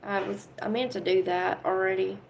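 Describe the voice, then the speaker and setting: A woman's voice: medium pitch, level tone, moderate pace, vocal fry, slight background noise, rough recording. A woman hosting a casual livestream from home, talking earnestly and with feeling to her chat viewers. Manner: earnest, emotional, talks straight to chat viewers. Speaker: livestream host.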